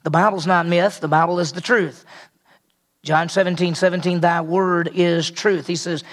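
A man preaching an expository sermon as pastor, unhurried and emphatic, repeating key phrases for weight. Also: high voice, steady tone.

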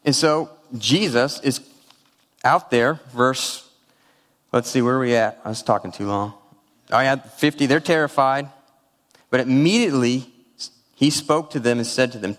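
A man's voice: medium pitch, a little slow, long pauses, fairly bright tone, big-room sound. A man preaching a sermon, telling a personal story with feeling and weaving in scripture. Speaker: pastor.

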